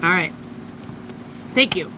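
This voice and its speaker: A woman's voice: takes it slowly, bright, forceful tone, slight background noise, rough recording. A woman giving a live tarot reading to viewers, blunt and emphatic, with frequent swearing. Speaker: tarot reader.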